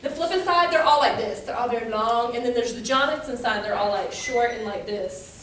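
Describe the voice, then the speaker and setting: Bright young woman in an echoey hall. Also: on the high side, fairly quick, slight background noise. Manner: chatty, filler-heavy storytelling. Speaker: youth speaker. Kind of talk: casual devotional talk. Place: room with a youth audience. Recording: very echoey room from far off.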